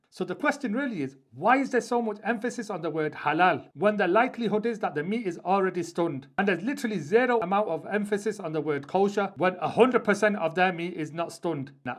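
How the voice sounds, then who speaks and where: Man, British accent, high-pitched, argumentative, commentary vlog, rhetorical questions. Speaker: online commentator.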